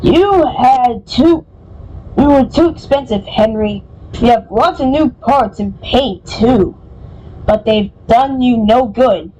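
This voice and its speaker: A woman's voice: fairly high pitch, slow pace, dark tone, highs cut off. A woman voicing a stern, stout male railway boss in a storybook, with thoughtful hums.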